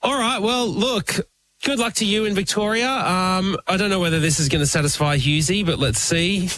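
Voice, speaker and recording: A man co-hosting a radio show, bantering casually and joking with quick laughs. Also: high-pitched, fairly bright tone.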